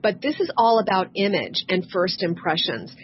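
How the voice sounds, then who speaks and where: A woman's voice: mid-range voice, sing-song, normal speed, slight background noise. A woman communication coach explaining in an interview, emphatic and repeating her key points. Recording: dull lo-fi recording.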